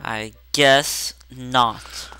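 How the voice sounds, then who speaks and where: Bright-voiced joking gameplay commentator. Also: male voice, medium pitch, fairly even intonation, drawn-out words, soft background music, low-quality recording. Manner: joking, rambling. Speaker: let's play host.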